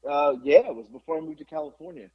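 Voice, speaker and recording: A middle-aged man hosting a podcast, telling a story in casual chat, animated and profane with lots of fillers. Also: a little high, racing, husky. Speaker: podcast host. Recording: dull lo-fi podcast recording.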